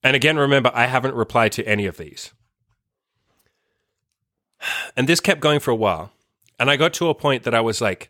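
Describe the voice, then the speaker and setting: A man's voice: mid-range voice, fast talker, sharp tone, dry recording, clean studio sound. A young man telling a long personal story in a casual, profane, emphatic way, full of "like". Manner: profane, emphatic, heavy use of "like". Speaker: storyteller host.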